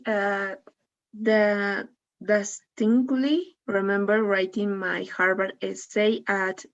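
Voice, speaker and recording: Young female English learner, unhurried hesitant reading, lo-fi online call sound. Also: medium pitch. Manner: slow, halting, self-correcting reader. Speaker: English student. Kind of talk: reading aloud in a lesson. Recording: dull lo-fi online call audio.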